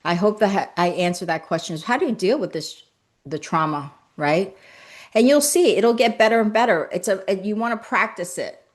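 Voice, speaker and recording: A woman hosting a live-streamed motivational talk as a spiritual coach, speaking in gentle, repeated affirmations and greeting viewers by name as she reads their comments. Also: mid-range voice, animated, moderate pace. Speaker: spiritual coach and livestream host.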